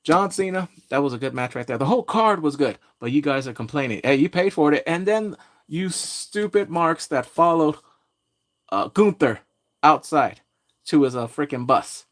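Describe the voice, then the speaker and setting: A man's voice: a little high, animated, moderate pace. Brash trash-talking male vlogger. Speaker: pop culture vlogger. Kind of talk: casual rant to camera.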